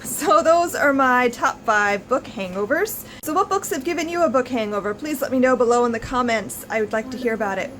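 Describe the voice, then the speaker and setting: A woman book vlogger in her thirties talks casually to camera, effusive and full of restarts. Her voice sits a little high, and a faint hiss runs under the home recording. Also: animated, brisk, hardly any pauses, a bit bright, low-quality recording. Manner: gushing, effusive, lots of restarts.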